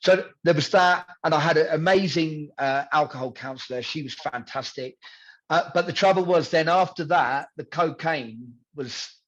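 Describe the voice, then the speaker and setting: A man's voice: fairly high pitch, moderate pace, highs cut off. A man in his thirties, a podcast guest, telling his own story candidly and acting out the voices of others. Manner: animated, acts out dialogue in quoted voices.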